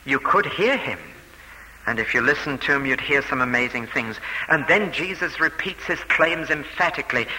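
A man's voice: mid-range voice, lively intonation, moderate pace, sharp tone, in a large hall, rough recording. A man preaching a sermon, explaining a passage step by step with emphatic repetition and quoted speech.

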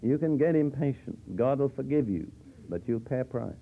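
A man preaches from the Bible in a conversational sermon, explaining verses as he goes with dry humor. His medium-pitched voice is animated at a moderate pace. The old tape sounds tinny and phone-like, with a little hiss or hum.

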